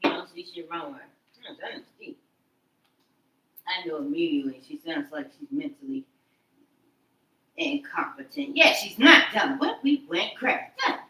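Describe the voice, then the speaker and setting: A woman vlogger delivering an animated, profane, repetitive rant. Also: on the low side, moderate pace, gravelly, pauses often. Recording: roomy sound, far from mic.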